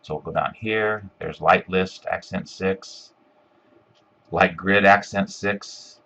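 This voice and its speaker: Low husky man walking through a tutorial. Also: steady tone, slow, fairly bright tone. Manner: step-by-step, filler-heavy with frequent ums and uhs. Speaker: instructor. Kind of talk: screencast software tutorial.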